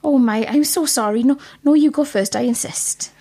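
A woman's voice: high-pitched, moderate pace, warm tone, husky. A woman playing Sal, a gushing, over-polite female detective.

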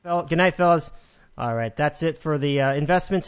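Chatty guy hosting a sports podcast, kinda high voice, laughs a lot. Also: normal speed, clean tone. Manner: chatty, upbeat, laughs easily. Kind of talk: casual sports talk.

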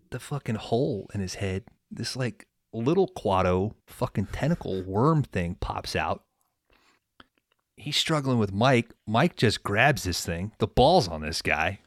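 A man's voice: mid-range voice, no echo, studio quality. A man hosting a podcast, casually recapping a movie in a laid-back, profane storytelling way. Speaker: podcast host.

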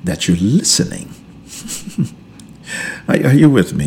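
A pastor hosting a podcast teaches in a relaxed, conversational style, speaking slowly in a mid-range voice. He repeats and restarts words, chuckles between points, and builds emphatically in a preacherly way.

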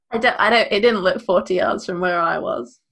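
A woman's voice: mid-range voice, normal speed, gravelly, fairly bright tone, a little hiss or hum. Giggly woman teasing friends. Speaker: podcast co-host. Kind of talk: casual chat.

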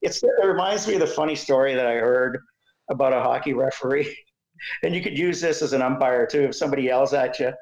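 An older Canadian man telling animated umpiring stories in an interview, laughing often and acting out voices. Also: medium pitch, quick pace, echoey room, highs cut off. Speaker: guest, retired umpire. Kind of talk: storytelling interview.

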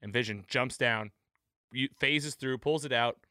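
A man's voice: medium pitch, normal speed, clean tone, no room sound, studio quality. A man hosting a casual podcast recap, acting out quoted lines as he talks. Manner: animated, acts out quoted lines. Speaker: podcast host.

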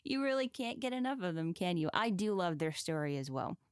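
A woman co-hosting a podcast, asking questions and gently teasing her co-host. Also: on the low side, very animated, fairly quick, clean tone, no room sound, studio quality. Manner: friendly, lightly teasing questions. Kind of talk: conversational interviewing.

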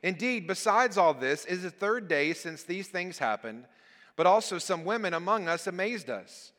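A man's voice: sits high, animated, moderate pace, fairly bright tone. A man preaching as a guest speaker, reading scripture aloud and then explaining it in an earnest, emphatic way. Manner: earnest, emphatic preaching with falling phrase endings. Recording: long church hall reverb.

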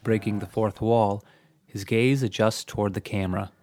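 Lower-pitched man narrating a story. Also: steady tone, moderate pace, a little mellow.

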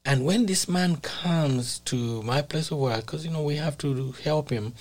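Male preacher, mid-pitched, earnest testimony delivery with emphatic builds. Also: unhurried, hardly any pauses. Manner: earnest storytelling, rising to emphatic peaks. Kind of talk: sermon testimony.

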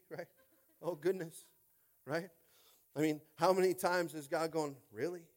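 Male pastor, sermon, animated, call-and-response asides, loud to hushed, fairly high voice. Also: unhurried, pauses often.

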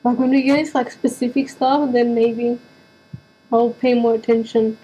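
Young woman, teasing friend in casual chat; mellow, slightly husky, low hum behind. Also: steady tone, moderate pace, poor audio. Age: young adult. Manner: teasing, chatty, filler-heavy. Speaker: university student.

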